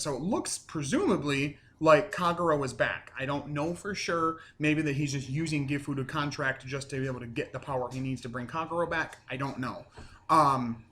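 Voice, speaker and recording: A man's voice: fairly high pitch, fairly bright tone. A man casually recapping a TV episode at home, rambling with lots of fillers and casual swearing. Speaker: reviewer.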